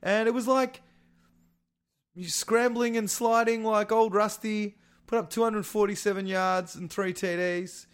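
A man co-hosting a casual sports podcast, animated and swearing freely, his voice jumping up when excited. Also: high-pitched, measured pace, clean tone. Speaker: podcast co-host.

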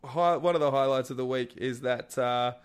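A man co-hosting a casual sports podcast, animated and swearing freely, his voice jumping up when excited. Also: medium pitch, moderate pace, smooth. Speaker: podcast co-host.

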